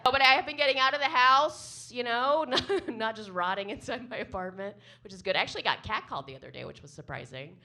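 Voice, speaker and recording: A woman's voice: expressive, quick pace, few pauses, bright, forceful tone. A woman comedian doing a chatty, self-mocking stand-up set to a live audience in a small club. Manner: chatty, self-mocking, with swoops into high silly voices.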